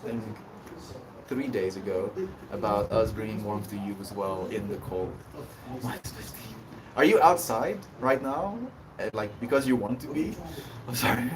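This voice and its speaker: A man with a fairly low voice livestreams at a moderate pace, chatting casually and laughing as he reads and replies to chat messages. He's a bit off-mic on a distant microphone, with clear background noise.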